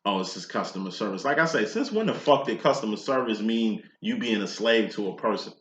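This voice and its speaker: A man's voice: fairly low pitch, animated, a little fast, fairly bright tone. A man giving a casual tarot reading, talking in a blunt, profane, preachy way. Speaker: tarot reader. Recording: echoey room, dull lo-fi sound.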